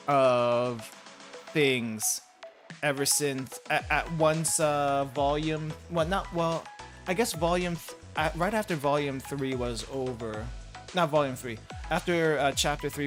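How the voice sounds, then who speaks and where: A young gaming streamer gives casual commentary as he plays, rambling, correcting himself and laughing often, with game music in the background. His voice is medium-pitched, a bit bright and unhurried.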